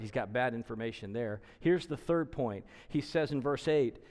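A man's voice: mid-range voice, normal speed, hardly any pauses, darkish tone, big-room sound. A male preacher giving an expository sermon, emphatic and explanatory, who repeats his points for stress.

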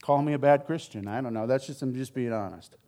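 A man preaching a sermon, telling the story in a candid, conversational way with frank asides, swinging between loud emphasis and quiet, low remarks. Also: fast talker.

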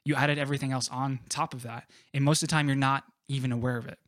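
A man co-hosts a casual recovery workshop, explaining with relaxed, run-on examples and plenty of "like". His voice sits in a middle pitch, recorded dry and close. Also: no echo. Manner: relaxed, drawn-out explanations with many "like" fillers. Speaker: podcast co-host.

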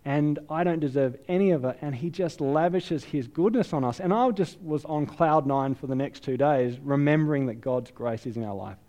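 An Australian man preaching a sermon, telling a self-deprecating story in a lively, chatty way. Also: mid-range voice, moderate pace, hardly any pauses. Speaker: pastor. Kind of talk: sermon with personal anecdote.

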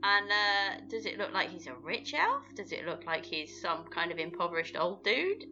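A woman playing a tabletop game, playful and quick to joke, switching between chat and in-character talk. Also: fairly low pitch, big pitch swings, highs cut off, music in the background. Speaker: player.

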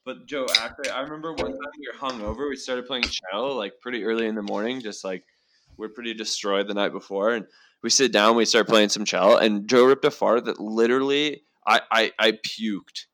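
A man hosting a podcast, rambling quickly and saying "like" a lot in casual banter with friends. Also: lowish voice, fairly even intonation, fairly bright tone. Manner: rambling and fast, heavy use of "like". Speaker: podcast host. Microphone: podcast mic.

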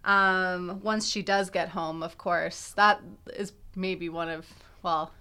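A woman's voice: fairly low pitch, steady tone, slow, sharp tone, clean tone. A young woman co-hosting a podcast, thinking aloud in casual analytical chat with many fillers and restarts. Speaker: podcast co-host.

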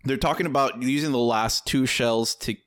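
A man co-hosting a film podcast chats casually, retelling scenes in a relaxed way with lots of fillers. His voice is mid-range at a moderate pace, in clean studio sound with no room sound.

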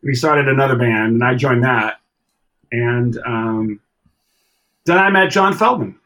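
A middle-aged man telling stories from his past in a casual interview, animated and acting out the voices of people he quotes. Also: medium pitch, a little slow. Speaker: drummer and podcast guest.

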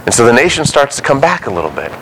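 A male pastor delivers a sermon in a lively, swooping voice of middling pitch. He keeps it conversational and slips into short acted-out quotes as he goes. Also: fast talker, slight background noise, rough recording.

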